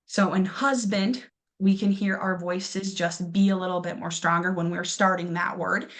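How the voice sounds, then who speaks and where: A woman's voice: on the low side, fairly even intonation. Patient young woman teaching a class. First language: English. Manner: patient and encouraging, often says um, models words slowly. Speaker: English teacher. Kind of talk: classroom lesson explaining pronunciation.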